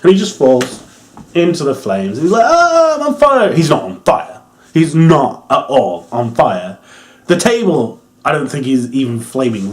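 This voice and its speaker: Young male reviewer, lively pitch, rambling and amused, casual swearing. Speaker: wrestling reviewer.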